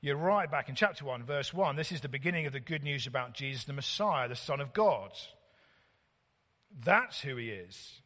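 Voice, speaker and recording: A man's voice: mid-range voice, expressive, a bit bright. Guy preaching, lots of ums and restarts, long echo like a big church. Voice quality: halting, many fillers and restarts. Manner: chatty, conversational preaching. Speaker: visiting preacher. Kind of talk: sermon.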